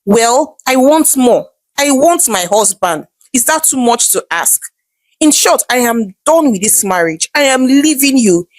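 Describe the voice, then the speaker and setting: A woman's voice: high-pitched, expressive, a little slow, no echo. A woman voicing a bitter young wife who is fed up with her marriage. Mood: angry.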